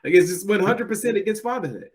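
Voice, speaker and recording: Animated talkative man. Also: high voice, fast. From United States. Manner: animated storyteller, acts out quotes in a raised voice. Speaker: podcast co-host. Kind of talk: casual chat.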